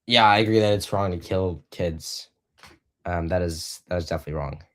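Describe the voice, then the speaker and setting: A teenage boy hosting a casual live-streamed debate, halting and full of fillers. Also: low-pitched, a bit bright. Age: teens. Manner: halting, many fillers and restarts. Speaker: debate host.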